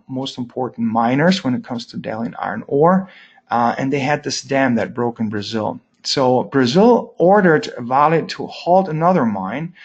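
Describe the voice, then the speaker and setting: Male trading coach, market commentary, mid-pitched, dry sarcasm, slightly dull lo-fi audio. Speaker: trading educator giving market update. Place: lives in Germany.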